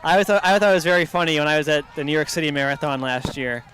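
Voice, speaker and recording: Eager higher-voiced young co-commentator. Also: male voice, very fast, fairly bright tone. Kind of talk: casual livestream commentary.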